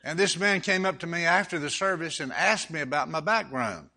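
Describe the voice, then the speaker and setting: An older preacher with a Southern drawl from Alabama delivers a sermon. His voice is bright and a little high, and he swings from easy, joking stories to reading Scripture with rising force. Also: expressive, fairly quick. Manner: folksy humorous storytelling, then reading Scripture with rising force. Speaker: guest preacher.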